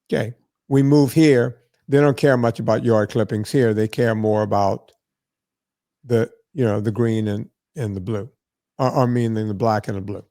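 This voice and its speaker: A man's voice: mid-range voice, warm tone, no echo, clean studio sound. A man hosting a podcast, telling a story in a casual, profane, exasperated way. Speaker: podcast host.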